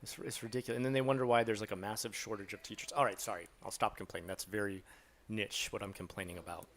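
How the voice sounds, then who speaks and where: A man's voice: lowish voice, steady tone, quick pace, fairly bright tone. Rambling joking man on a live stream. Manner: rambling, joking, many fillers, reads chat aloud. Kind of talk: casual live stream chat.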